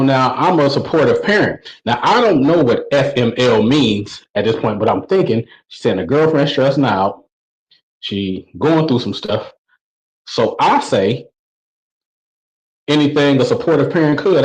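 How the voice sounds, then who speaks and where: Male stand-up, 40s, mid-pitched voice, loose slangy storyteller. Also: a little mellow, low-quality recording. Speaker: stand-up comedian. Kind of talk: stand-up routine told as a story.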